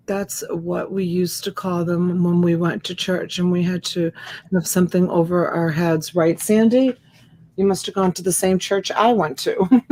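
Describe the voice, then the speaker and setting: A woman hosting a live reseller stream in casual chat, greeting viewers by name and reading their comments aloud. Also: lowish voice. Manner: chatty and warm, greets viewers by name and laughs often. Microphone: USB desk microphone.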